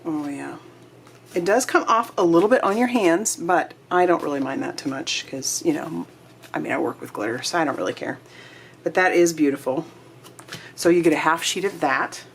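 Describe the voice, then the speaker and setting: A woman with a low voice chats through a craft kit unboxing. She gushes with excitement and sometimes drops into a breathy whisper. Faint noise sits under the recording. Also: moderate pace. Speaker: crafting channel host. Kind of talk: casual unboxing chat.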